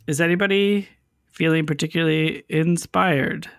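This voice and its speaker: A man's voice: a little high, fairly even intonation, normal speed, vocal fry, fairly bright tone, no echo, studio quality. Wry male podcast co-host. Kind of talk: casual chat.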